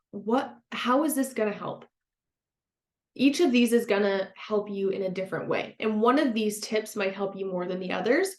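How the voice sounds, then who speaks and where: Encouraging woman podcast host, roomy sound. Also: mid-range voice. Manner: gentle, encouraging, laughs easily. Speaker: podcast host and former counselor. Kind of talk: self-help podcast monologue. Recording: roomy echo.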